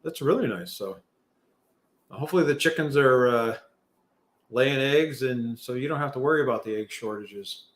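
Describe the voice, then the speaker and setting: A middle-aged man hosting a relaxed live chat, drifting from thought to thought with plenty of ums and restarts. His voice sits at an ordinary middle pitch for a man, and he pokes fun at himself as he goes. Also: moderate pace. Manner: rambling, many fillers and restarts, self-deprecating. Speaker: livestream host. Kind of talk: casual live chat reading viewer comments.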